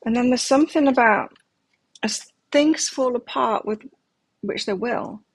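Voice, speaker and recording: A woman's voice: on the high side, measured pace, slightly rough, dry recording. A middle-aged woman giving a live tarot reading, talking candidly and reflectively and sharing personal stories. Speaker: tarot reader.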